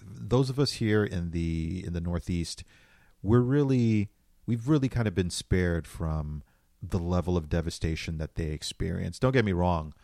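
Male co-host, low voice, thoughtful and sincere, dry close mic. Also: normal speed, creaky, mellow, dry recording. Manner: earnest and reflective, often laughing. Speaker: podcast co-host. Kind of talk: casual chat.

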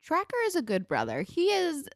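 A woman's voice: sits high, wildly swooping pitch, moderate pace, dry recording, studio quality. A woman co-hosting a casual chat, opinionated and swearing freely as she recaps an episode. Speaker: podcast co-host.

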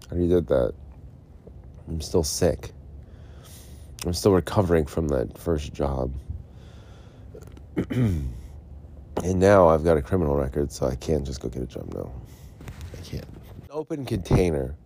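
A man's voice: extremely low pitch, very animated, a little slow, creaky, long pauses, mellow, slightly rough. A man hosting a solo podcast, rambling and frustrated, mumbling and repeating himself. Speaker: podcast host. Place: Arizona.

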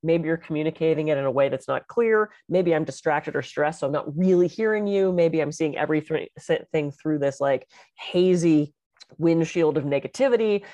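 Animated, expressive woman in a dry close-mic recording. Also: sits low, normal speed, dry recording. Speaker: podcast co-host and public speaker. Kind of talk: casual chat.

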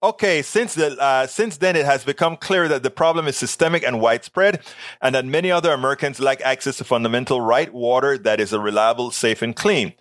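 A man hosting a political talk show, reading news articles aloud and breaking off into animated, sarcastic asides. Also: mid-range voice, fairly quick, no room sound. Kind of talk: live-stream commentary reading news.

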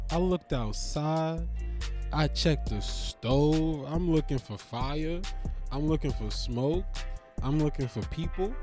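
Slow-talking man with a mellow voice. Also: a little high, soft background music. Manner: slangy, profane, rambling storytelling with repeated phrases. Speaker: podcast host. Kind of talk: casual solo monologue.

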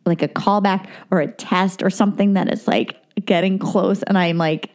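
A woman actress as a guest in a casual chat, animated, laughing often and swearing freely. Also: mid-range voice, normal speed.

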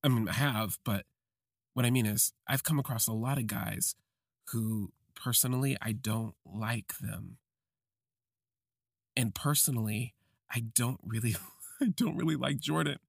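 Husky, gravelly man telling a confession. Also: lowish voice, no echo, clean studio sound. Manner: slow, halting, reflective phrasing. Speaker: podcast host. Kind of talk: confessional first-person storytelling.

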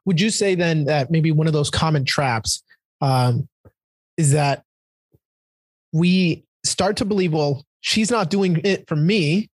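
A man's voice: on the high side, slow pace, dry recording. A man hosting a podcast interview, thinking aloud in a reflective way and restarting his sentences as he works out a point. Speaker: podcast host.

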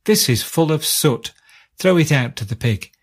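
A man voicing a spiteful old female hag who curses and shrieks in a raised, higher voice. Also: animated, moderate pace, breathy edge. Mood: shrieking. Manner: shrill screaming outbursts.

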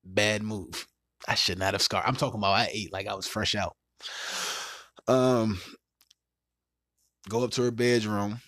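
A man's voice: lowish voice, steady tone, a little slow, pauses often, a bit bright, dry recording, clean studio sound. A man hosting a podcast, telling a crude dating story in casual, profane chat, laughing and mimicking other people. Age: adult with a child. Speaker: podcast host.

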